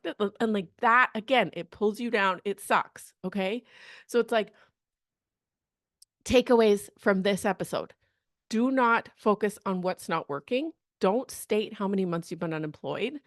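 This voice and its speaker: A woman's voice: mid-range voice, moderate pace, dry recording. Chatty woman career coach with dry sound. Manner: energetic, chatty, acts out quoted people, frequent "okay?" and "right?". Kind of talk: podcast monologue.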